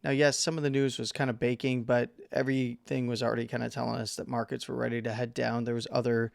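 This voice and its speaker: Host, male, hoarse from a long day, casual meandering chart analysis, crisp but gravelly. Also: mid-range voice, flat delivery, fast, dry recording, studio quality. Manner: rambling, self-correcting, filler-heavy. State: losing his voice. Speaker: crypto market analyst host.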